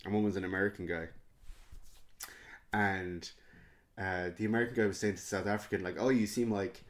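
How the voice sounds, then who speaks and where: Irish comedian guy, lowish voice, chill storyteller, swears a lot. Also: fairly even intonation, fairly quick. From Ireland. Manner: anecdotal, easygoing, swears freely. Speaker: podcast guest, comedian. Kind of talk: casual storytelling chat.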